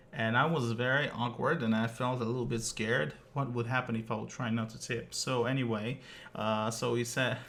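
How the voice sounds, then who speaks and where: A man's voice: mid-range voice, a bit bright, a little hiss or hum. A male streamer telling a personal story in a casual, rambling way, full of filler words and the odd curse.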